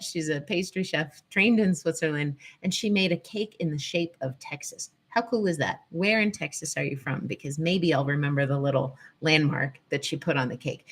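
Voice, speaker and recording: A woman hosting a live-stream lesson, chatting and greeting viewers as she goes. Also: low-pitched. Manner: chatty, digressive, greets viewers mid-talk. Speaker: host and teacher on the nervous system. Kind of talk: live-stream teaching talk. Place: at home in Colorado.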